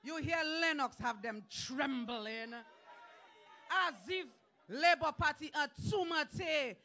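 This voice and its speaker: Fiery shouting Dominican politician. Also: male voice, extremely high pitch, slow pace, a faint crowd. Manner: fiery, shouting, repetitive calls. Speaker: senator. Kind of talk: political rally speech.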